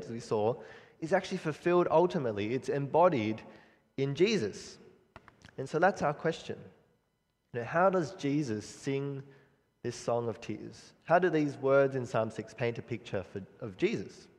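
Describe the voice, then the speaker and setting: Man preaching a sermon, earnest and measured, normal pitch, echo hanging in a big hall. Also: animated, a little mellow. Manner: earnest, measured preaching with frequent pauses and restarts. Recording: long reverb of a hall.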